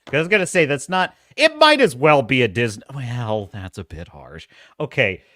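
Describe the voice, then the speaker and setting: A man's voice: medium pitch, big pitch swings, moderate pace, sharp tone, no echo, clean studio sound. A man hosting a casual live stream, talking animatedly and laughing often as he reads viewer chat aloud. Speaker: host.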